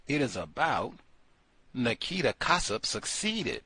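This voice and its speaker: Animated, lively-voiced male talk host. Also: takes it slowly, slightly rough, no room sound. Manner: animated, joking, swings between loud exclamations and low mutters. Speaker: call-in show host. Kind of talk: casual monologue.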